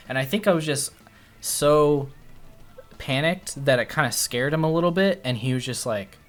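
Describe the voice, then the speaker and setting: A man's voice: mid-range voice, fairly quick, fairly bright tone, faint music behind. A man streaming live, telling a story casually in a rambling, profane way that keeps restarting its sentences. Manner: rambling, profane, self-interrupting. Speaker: livestreamer.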